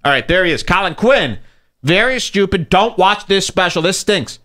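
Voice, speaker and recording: Male host, sarcastic riffing, animated swooping delivery. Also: sits high, moderate pace, slight background noise. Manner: sarcastic, riffs into loud mocking impressions. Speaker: podcast host. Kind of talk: mocking commentary over clips.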